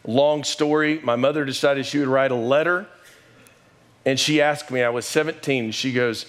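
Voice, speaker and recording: A middle-aged man, a pastor and coach, preaching a sermon with animated storytelling and sudden raised exclamations. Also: medium pitch, normal speed. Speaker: pastor and high school coach.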